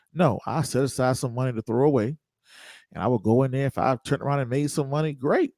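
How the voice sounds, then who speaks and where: A man's voice: medium pitch, fast talker, a little mellow, no echo. Casual joking male investing host. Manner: loose, joking, conversational, repeats points. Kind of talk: casual livestream talk.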